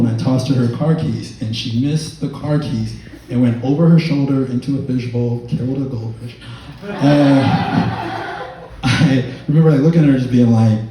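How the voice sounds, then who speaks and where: On a comedy club stage, with audience laughter around him, a man with a mid-range voice tells a stand-up story at normal speed, rambling with fillers and laughing through his lines. Background noise is present, and the room is echoey with the mic far off.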